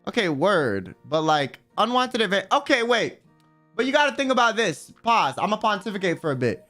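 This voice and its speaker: A man's voice: sits high, big pitch swings, moderate pace, bright, forceful tone, soft background music. A man streaming live, ranting bluntly and with plenty of profanity while he reads out viewer messages. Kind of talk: casual livestream rant.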